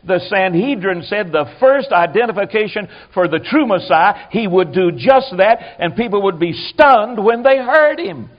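Male preacher mid-sermon, animated with quiet asides, slightly high voice, muffled old recording. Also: moderate pace, few pauses.

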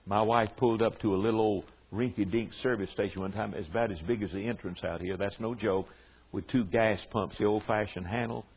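A man's voice: lowish voice, steady tone, a little fast, husky. An older man with a Southern US accent preaching a sermon to a group of men, drawing out his words for emphasis and mixing in folksy asides. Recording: tinny phone-like recording.

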